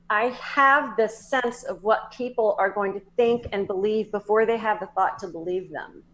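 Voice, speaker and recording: Heard through poor audio, her mid-range voice carries a Southern US accent. As a guest psychic medium in a relaxed interview, she discusses healing with earnest, spiritual energy, growing animated and restarting her thoughts.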